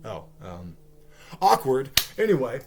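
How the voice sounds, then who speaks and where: A man's voice: mid-range voice, wildly swooping pitch, takes it slowly, background noise. A caffeinated man ranting through a profane TV series review, swearing heavily and sounding exasperated. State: caffeinated, wired.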